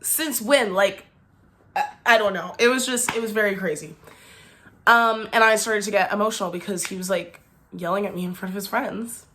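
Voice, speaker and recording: A woman's voice: mid-range voice, fairly even intonation, a little fast, sharp tone, slight background noise. A young woman vlogger telling a storytime tale, chatty and indignant, full of "like". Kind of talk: storytime vlog.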